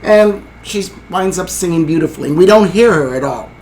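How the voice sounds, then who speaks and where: A high-pitched, expressive male voice, fairly quick and a little mellow, narrates a film's conclusion for a podcast he co-hosts. The chat is casual, and he rambles and hesitates with many fillers. Poor audio adds a little hiss or hum.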